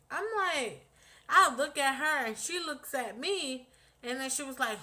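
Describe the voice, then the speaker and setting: In a high, slow voice, a young woman casually shares a personal story on her vlog. She's animated and blunt, swearing throughout and performing the things people said to her.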